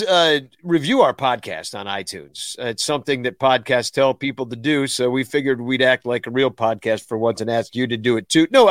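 A man's voice: medium pitch, fairly bright tone, no room sound, studio quality. A man co-hosting a podcast in casual, joking banter, often laughing. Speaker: podcast co-host. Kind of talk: casual chat.

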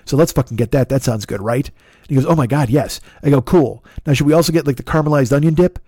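A man hosting a podcast, telling a long, animated, profane story in a casual way and acting out the back-and-forth dialogue. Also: mid-range voice, quick pace, dry recording, studio quality. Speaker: podcast host.

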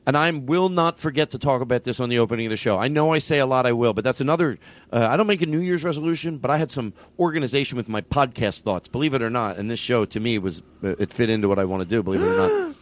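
A man's voice: medium pitch, fast talker. A man hosting a comedy podcast, chatting casually in a rambling way with many restarts. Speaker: podcast host.

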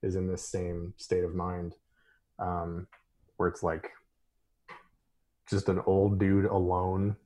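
Man, podcast co-host, casual chat, low voice, laughs often, lots of fillers. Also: monotone, slow, pauses often, warm tone.

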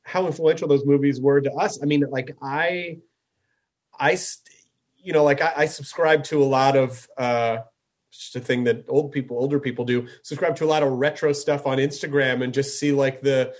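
A man hosting a podcast in casual chat, excitable and full of fillers, swearing casually. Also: mid-range voice, normal speed. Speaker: podcast host.

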